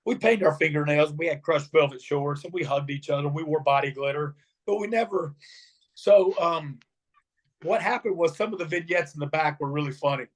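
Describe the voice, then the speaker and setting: A middle-aged former wrestler, voice on the high side and pace normal, recounts stories in an interview. He's an animated teller who performs the voices of the people he mentions.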